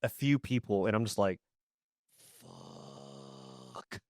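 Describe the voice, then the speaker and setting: A man in his thirties with a mid-range voice chats casually as a podcast co-host. He talks haltingly, restarts his sentences, and swears along the way. The recording is dry and close. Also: medium pitch, no room sound. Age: 30s. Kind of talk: casual chat.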